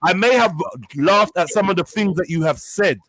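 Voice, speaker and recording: A man's voice: high voice, normal speed, a loud crowd. A Nigerian-born man hosting a live panel, arguing heatedly, interrupting and repeating his demands.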